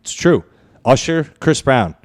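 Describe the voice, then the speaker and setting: A man hosting a podcast, talking in casual, crude banter with animated, mock-outraged rants. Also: mid-range voice, a little slow. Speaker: podcast host.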